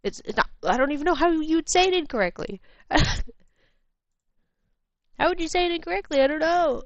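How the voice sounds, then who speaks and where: An American woman chatting casually on a livestream while drawing, laughing easily, swearing bluntly, and sometimes dropping to a quiet mutter as she works. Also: high-pitched, animated, brisk, dry recording. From United States. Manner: drifts to quiet murmurs while working. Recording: muffled lo-fi stream audio.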